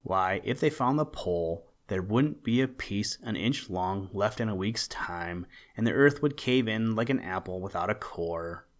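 A man voicing a jolly, brisk old Santa Claus in a storybook, with a hearty, commanding manner. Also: on the low side, lively intonation.

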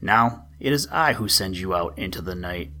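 A man voicing a kind, solemn old male saint in a read-aloud storybook, speaking with measured authority. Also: on the low side, expressive, creaky. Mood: stern. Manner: gentle, then solemn and commanding.

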